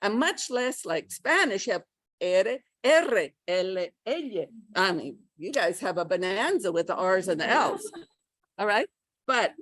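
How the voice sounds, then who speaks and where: An American woman giving a pronunciation workshop, teaching in a lively way and checking in with her listeners as she goes. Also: mid-range voice, no echo. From United States. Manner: lively teacher, checks in with okay and all right. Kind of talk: lecturing to a class.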